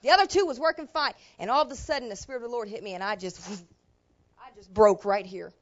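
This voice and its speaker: A woman pastor preaches in a fairly high voice, telling a personal story in folksy everyday speech. She sinks to hushed asides and then breaks into loud, emotional outbursts. The church recording sounds muffled and lo-fi. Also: fast. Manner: colloquial, swings between quiet asides and loud emotional bursts. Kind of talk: storytelling sermon. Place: church sanctuary.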